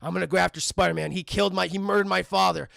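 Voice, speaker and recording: A man's voice: high voice, steady tone, racing, vocal fry, a bit bright, dry recording, clean studio sound, pitched below the performer's own voice, heavily acted. A man voicing a grieving young man who vows revenge, speaking earnestly.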